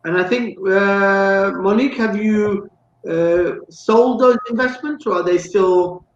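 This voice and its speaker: A man's voice: high voice, slow pace, echoey room, muffled recording. A man hosting a live chat show, chatty and teasing, who says "excellent" a lot. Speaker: host. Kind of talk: live radio-style chat.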